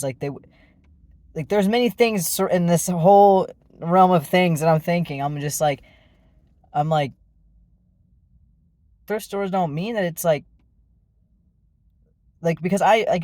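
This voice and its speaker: A man's voice: high voice, lively intonation, a little slow, pauses often, a little mellow, no echo. A man telling a personal story in a casual, rambling way, with many fillers and restarts. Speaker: vlogger.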